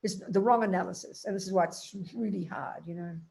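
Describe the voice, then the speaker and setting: A woman's voice: on the low side, brisk, creaky, a little mellow. An older woman, a Buddhist teacher, giving a blunt, emphatic dharma talk to a group and acting out inner voices.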